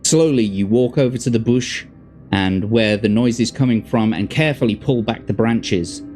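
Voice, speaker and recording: A man's voice: on the low side, normal speed, darkish tone, soft background music. A man from Birmingham with a Birmingham accent hosts a stream, reading a fantasy gamebook aloud and breaking off for casual asides and corrections. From Birmingham, England. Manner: casual, stops to chat and correct himself.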